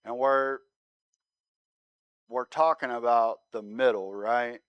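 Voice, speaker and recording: A man giving his sermon testimony as a relaxed story, often checking in with "right?". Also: medium pitch, slow, clear, resonant tone, dry recording, highs cut off. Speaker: guest speaker sharing his testimony.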